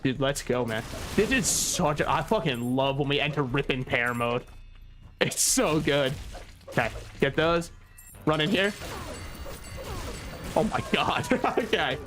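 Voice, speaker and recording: Guy streaming a game and riffing, kinda high voice, swears a bunch, faint music behind. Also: animated, unhurried, pauses often. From United States. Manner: joking, rambling, swears a lot. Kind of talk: casual gameplay commentary.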